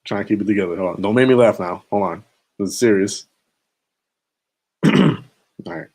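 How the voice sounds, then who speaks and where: A man's voice: on the low side, normal speed, a little mellow. A young man streaming late at night, chatting in a laid-back, slangy, rambling way and chuckling to himself. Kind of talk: casual late-night live stream chat.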